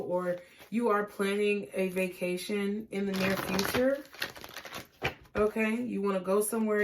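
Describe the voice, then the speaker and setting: A woman giving a tarot reading, talking gently and reassuringly and often checking in with "okay?". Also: mid-range voice. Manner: casual, laughing and swearing at times. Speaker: tarot reader.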